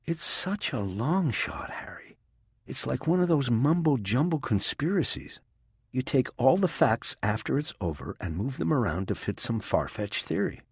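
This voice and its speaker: A man's voice: mid-range voice, big pitch swings, moderate pace, creaky, slightly rough, no echo, studio quality, voice pushed up, full character voice. Man voicing a skeptical female federal agent. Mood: doubting. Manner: doubting, pushes back hard.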